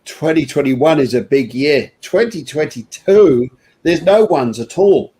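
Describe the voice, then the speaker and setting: A man's voice: fairly high pitch, animated, unhurried, dark tone. A man co-hosting an online interview, talking in a rambling, chatty way and laughing easily. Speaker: co-host. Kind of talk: casual interview chat.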